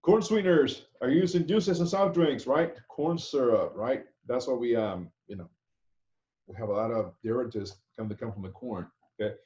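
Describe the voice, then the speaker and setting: Over a video call, a man with a mid-range, dark-toned voice speaks at normal speed. He's a chef instructor giving a casual online class lecture, loose and chatty, often checking in by saying "okay?" The recording sounds echoey and muffled.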